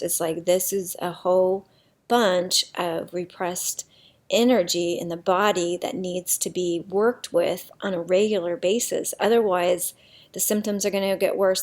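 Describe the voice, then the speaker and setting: A woman talking through a personal healing practice in an unhurried, reflective monologue, pausing often with soft fillers. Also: on the low side.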